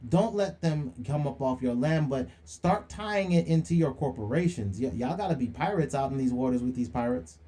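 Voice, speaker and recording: A man's voice: medium pitch, lively intonation, normal speed, hardly any pauses, warm tone. A young man hosting a livestream monologue, preachy and slangy, firing rhetorical questions and calling people out. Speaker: livestream host.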